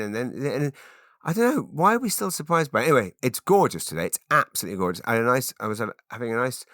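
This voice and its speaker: A British man in his forties from England hosts a rambling solo podcast, his mid-range voice very animated, fast and a bit bright. He keeps breaking off mid-sentence and slipping into silly put-on voices. The studio-quality recording has no echo.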